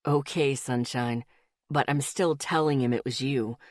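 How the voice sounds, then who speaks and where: A woman doing a soft-spoken teenage boyfriend. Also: fairly even intonation, a little slow, no room sound, studio quality. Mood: teasing. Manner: low, soft and intimate, often murmured. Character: tender teenage boyfriend, earnest and protective. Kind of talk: audiobook character voice.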